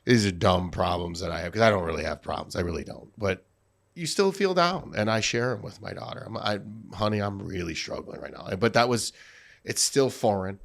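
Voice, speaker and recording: A man's voice: lowish voice, animated, fairly quick, creaky. Reflective male podcast host. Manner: reflective, asks long probing questions. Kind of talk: conversational interview.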